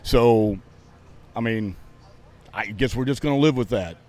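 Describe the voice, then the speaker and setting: A man's voice: mid-range voice, unhurried, darkish tone. Man ranting hotly with swearing. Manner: heated, profane, sarcastic ranting. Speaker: podcast host and outspoken racing fan. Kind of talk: casual ranting chat. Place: outdoors at a racetrack.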